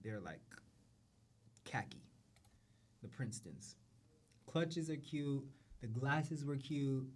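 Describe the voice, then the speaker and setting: A man's voice: mid-range voice, animated, slow pace, pauses often, darkish tone. A man hosting a show, talking casually and profanely about runway looks, repeating phrases and trailing off. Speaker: show host. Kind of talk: casual fashion commentary.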